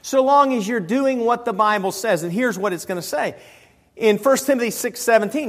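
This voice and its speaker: A male pastor preaching a sermon in a church, joking and swinging between loud emphasis and quiet asides. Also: sits high, fast talker.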